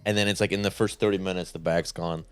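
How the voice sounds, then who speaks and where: Laid-back low-voiced young man, dry mic. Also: fairly even intonation, fast, smooth, dry recording, faint music behind. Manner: laid-back anecdotal storytelling. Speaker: podcast co-host. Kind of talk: casual comedy podcast chat.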